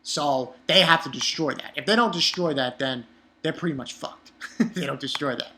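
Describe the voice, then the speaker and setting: A young man recapping a manga chapter in a rambling, casual way, swearing often and jumping up in pitch whenever he gets exasperated. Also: moderate pace, bright, forceful tone. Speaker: manga reviewer.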